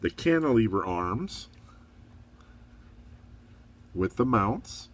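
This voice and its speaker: A middle-aged man giving a relaxed, chatty review of a model kit, rambling a little and encouraging viewers. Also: on the low side, extremely slow. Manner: upbeat, encouraging. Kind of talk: casual hobby review.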